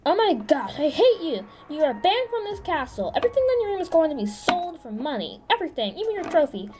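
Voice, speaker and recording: A woman's voice: very high voice, sing-song, a little fast, noisy background. A woman voicing a cruel, haughty vampire queen mother in a toy figure drama, scornful and commanding.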